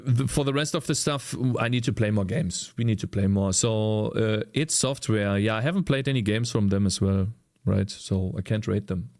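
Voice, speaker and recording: German guy streaming while coding, lowish voice, rambly, hunts for english words. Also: a little mellow. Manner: rambling, searches for English words, chats with viewers. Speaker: streamer and indie game developer. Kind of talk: casual live-stream chat while coding.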